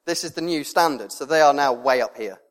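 A male preacher, giving a sermon with lively storytelling and laughter. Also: mid-range voice, fairly quick. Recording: long reverb in a hall.

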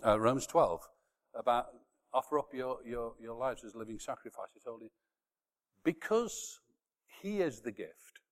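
A man preaching a sermon to a congregation, swinging from quiet, close talk to loud shouted emphasis. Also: medium pitch, in a large hall.

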